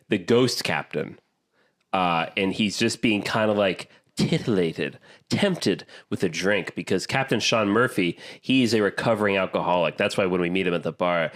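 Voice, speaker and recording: A man hosting a casual podcast, retelling a movie scene by scene with animated energy. His voice sits a little low for a man, and he jumps quickly between asides. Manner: animated storytelling, quick asides, acts out quotes. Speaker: podcast host. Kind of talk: casual chat.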